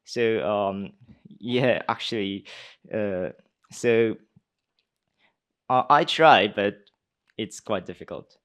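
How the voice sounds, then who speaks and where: A young man answers questions slowly and with care, his voice low-pitched but smooth and clear. He fills gaps with uh and um and restarts his sentences as he searches for words. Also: fairly bright tone. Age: young adult. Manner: hesitant, many uh and um fillers, restarts. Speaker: speech contestant answering judges. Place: conference hall.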